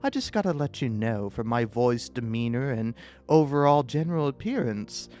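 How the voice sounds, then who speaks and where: A man's voice: medium pitch, expressive, normal speed, a little mellow, soft background music, lightly acted. A man putting on a haughty, drawling voice as a snobbish rich man, in an exaggerated fake British accent. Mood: snooty.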